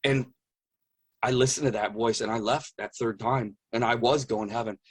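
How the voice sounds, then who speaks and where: A middle-aged man earnestly recounting a personal story in an interview, repeating phrases for emphasis and dropping to a hush at intense moments. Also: mid-range voice, fairly even intonation, normal speed, slightly rough. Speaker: guest telling his near-death experience.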